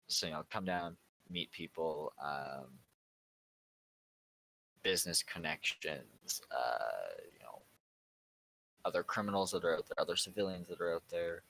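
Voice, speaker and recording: A man hosting a roleplay server's community meeting, rambling and halting with lots of fillers. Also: low-pitched, expressive, creaky, fairly bright tone, slight background noise, rough recording. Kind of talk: casual community meeting talk.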